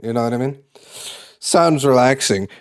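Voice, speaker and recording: Casual streamer guy, mid-pitched, easygoing and rambling, loose with swearing. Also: moderate pace. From Massachusetts. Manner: laid-back, rambling, swears and laughs easily. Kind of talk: casual chat with live chat.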